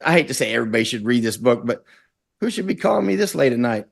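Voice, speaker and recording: A middle-aged man from Florida speaks as an interview guest at an ordinary pitch. He talks intensely and rambles, slipping into acted-out quotes as he goes. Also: big pitch swings, quick pace, creaky. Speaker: guest, war correspondent. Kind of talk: conversational interview.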